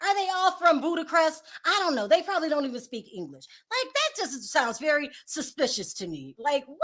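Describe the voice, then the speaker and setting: A woman's voice: sits high, very animated, a little fast, hardly any pauses, a bit bright. Sassy, laughing woman vlogger. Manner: sassy, sarcastic, laughing asides. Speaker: commentary vlogger. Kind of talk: casual gossip commentary.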